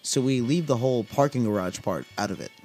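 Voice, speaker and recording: A man's voice: medium pitch, a little fast, mellow, soft background music. A young man from Southern California's desert valley, casually telling a podcast story in a laid-back, profane, filler-heavy way. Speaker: podcast host.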